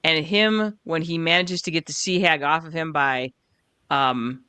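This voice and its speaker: A podcast co-host in casual chat, enthusiastically retelling scenes with short pauses. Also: medium pitch, steady tone, bright, forceful tone, clean tone, no room sound.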